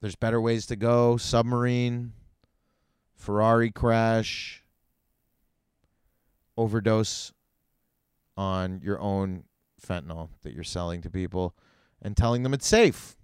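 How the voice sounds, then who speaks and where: Man, podcast host, solo rant, smooth voice, dry sound, swearing, sarcastic. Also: fairly low pitch, slow, pauses often, no room sound. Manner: profane, animated ranting with sarcastic asides. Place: in Vancouver.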